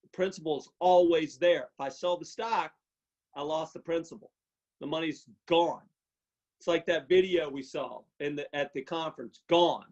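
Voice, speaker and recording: A man giving an emotional personal testimony on a video call, halting and repeating himself as he chokes up. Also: on the high side, a little mellow. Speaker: testimony speaker. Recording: muffled video call audio.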